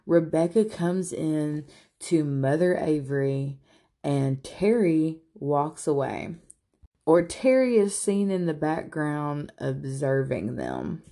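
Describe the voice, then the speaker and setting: A woman recaps drama in a blunt, profane, gossipy way. Her voice is low, mellow and unhurried, and she delivers the story at a slow, casual pace. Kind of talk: casual reality-show recap.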